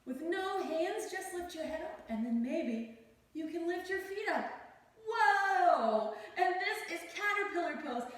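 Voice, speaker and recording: Playful high-voiced woman teaching kids yoga. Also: animated, normal speed, very echoey, distant mic. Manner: playful and encouraging, demonstrating poses as she talks. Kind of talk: guiding a children's yoga class.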